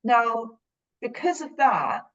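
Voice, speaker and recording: A woman's voice: fairly high pitch, very animated, slow, muffled recording. A British woman on a podcast, reflectively telling a personal story in a rambling, earnest way that often corrects itself. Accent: British English. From Britain.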